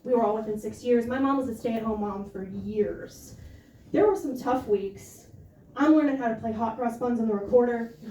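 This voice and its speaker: A young woman performing a stand-up comedy set in a club, with a deadpan, self-deprecating way of telling stories. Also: fairly high pitch. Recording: roomy club sound from a distance, with crowd noise.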